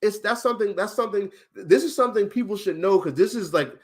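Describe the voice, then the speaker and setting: Speaking fast and with emphasis, a man whose voice runs somewhat high teaches during a relaxed livestream. He breaks off now and then to quiz his listener, tallying days out loud on his fingers.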